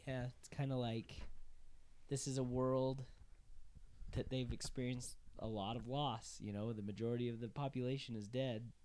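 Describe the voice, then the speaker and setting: A man's voice: medium pitch, steady tone, moderate pace, a little mellow. A man co-hosting a film podcast in casual chat, agreeable, chiming in with short remarks. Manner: agreeable, short interjections and questions.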